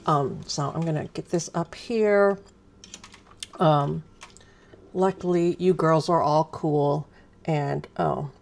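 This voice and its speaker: Fifties lady rambling on her craft livestream, low gravelly voice, lots of ums. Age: 50s. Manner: chatty, rambling, self-deprecating, many ums. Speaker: craft live stream host. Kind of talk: casual live stream chat.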